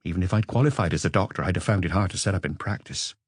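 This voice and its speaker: A man's voice: low-pitched, very fast, no echo, studio quality. A man voicing an exhausted forty-year-old man who answers questions hesitantly and earnestly. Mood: weary.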